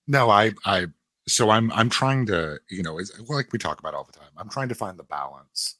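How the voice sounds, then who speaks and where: A man's voice: on the low side, lively intonation, moderate pace, sharp tone, no room sound. A man co-hosting a podcast in casual chat, blunt and joking, swearing freely. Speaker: podcast co-host.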